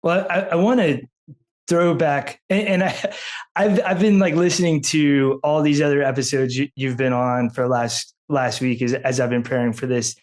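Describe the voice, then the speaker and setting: A man's voice: medium pitch, steady tone, moderate pace, darkish tone. A man hosting a podcast who asks his questions casually, often repeating words and restarting his sentences. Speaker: podcast host.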